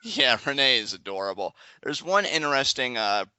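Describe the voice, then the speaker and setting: A young man chatting excitedly as a guest in a live reaction video, laughing often and rambling through restarts. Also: medium pitch, fairly quick, clear, resonant tone, no echo, dull audio. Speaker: guest co-commentator. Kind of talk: casual live reaction chat.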